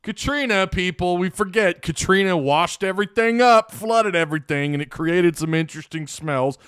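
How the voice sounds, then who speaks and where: Male host, casual live sports chat, rambling and opinionated, smooth voice, dry close sound. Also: high voice, moderate pace, fairly bright tone, no echo. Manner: rambling, opinionated, frequent restarts.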